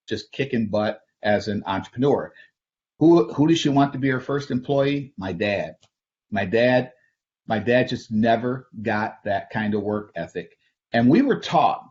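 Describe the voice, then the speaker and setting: A man's voice: fairly low pitch, a little mellow. A middle-aged man from Flint, Michigan, giving a personal storytelling talk as an invited speaker, conversational, chuckling often and restarting his sentences. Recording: dull lo-fi recording.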